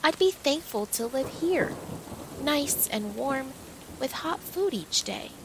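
A woman voicing a cheerful, eager young female stray dog in a storybook reading, with bouncy, excited calls. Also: sits high, slow pace, noisy background, voice pushed up, exaggerated voice. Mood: wistful.

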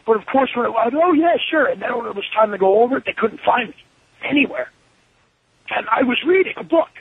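Man, interview guest, raspy gravelly voice, thin phone-like sound. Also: high-pitched, quick pace, no echo. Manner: animated, profane, acts out his own quotes. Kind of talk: shoot interview storytelling.

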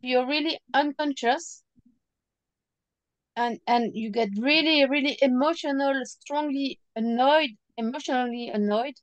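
A woman asking a question in a casual conversation, halting and hesitant. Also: high-pitched, no echo, highs cut off.

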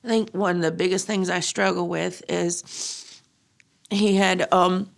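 A middle-aged woman speaking haltingly as she recounts her loss in a personal testimony, often pausing and using fillers. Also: lowish voice, steady tone, vocal fry. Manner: halting, grief-stricken, frequent fillers. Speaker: grieving mother interviewee.

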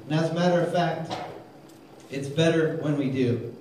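A man preaching a lively sermon, calling for amens and telling jokes, recorded in a church hall. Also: on the high side, normal speed, long pauses, a little hiss or hum. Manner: energetic, calls for amens, tells jokes. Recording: very echoey hall, mic far off.

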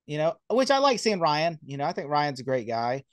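A man's voice: fairly high pitch, sing-song, fairly quick, dry recording. A man co-hosting a casual podcast, rambling, laughing and acting out scenes. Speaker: podcast co-host. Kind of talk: casual chat.

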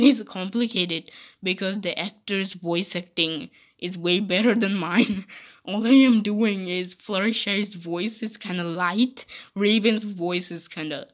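Giggly, rambling woman addressing viewers. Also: mid-range voice. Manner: giggly, rambling, says "like" and "dude". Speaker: video creator. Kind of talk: casual aside to viewers.

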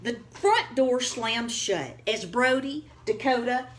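Woman teacher, storybook read-aloud for kids, high and sing-song, unhurried. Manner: expressive, deliberate.

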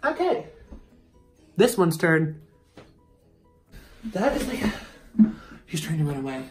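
Young guy vlogging, super animated, slow drawn-out talk, echoey bathroom. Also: a little high, faint music behind. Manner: excitable, laughing, yelping at scratches. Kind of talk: casual chat to camera. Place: bathroom at home.

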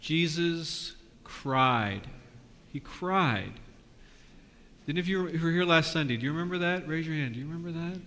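A man leading a lively children's sermon, asking the kids questions in a church with a balcony. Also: fairly high pitch, moderate pace. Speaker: pastor. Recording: long reverb of a church.

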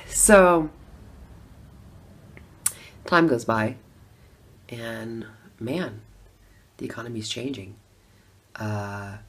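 A middle-aged woman telling her own story in a chatty testimonial vlog, laughing between lines and swinging from hushed to loud. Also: very deep voice.

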